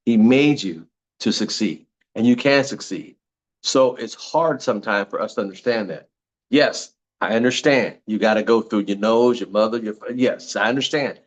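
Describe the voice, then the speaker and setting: A man's voice: mid-range voice, muffled recording. An older man giving a motivational talk on network marketing, repeating slogans in an emphatic, preachy way.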